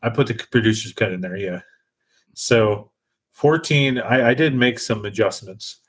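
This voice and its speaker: A man's voice: lowish voice, normal speed, breathy edge. A man hosting a casual podcast chat, talking with frequent restarts and hesitations. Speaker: podcast host.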